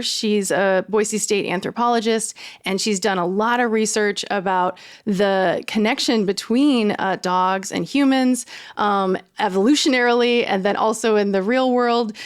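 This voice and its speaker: A woman producer co-hosting a local podcast, earnest and chatty, with many ums and uhs. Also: medium pitch. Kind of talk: casual show announcement.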